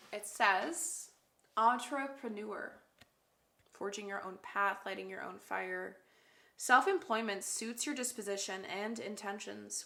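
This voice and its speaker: A woman's voice: medium pitch, creaky, bright, forceful tone. A woman giving a casual card reading to viewers, heartfelt and effusive, leaning hard on the lines she wants heard. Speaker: tarot card reader. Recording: echoey room.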